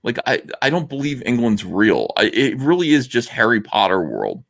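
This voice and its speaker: A man's voice: mid-range voice, big pitch swings, moderate pace, vocal fry, a bit bright. A man from the US hosting a livestream, ranting sarcastically in a comment-reading commentary. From United States. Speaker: livestream host.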